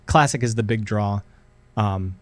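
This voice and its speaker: A man's voice: fairly low pitch, measured pace. A man hosting a casual gaming podcast, talking in long rambling runs with many restarts. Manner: rambling, many restarts and fillers, animated when excited. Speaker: podcast host.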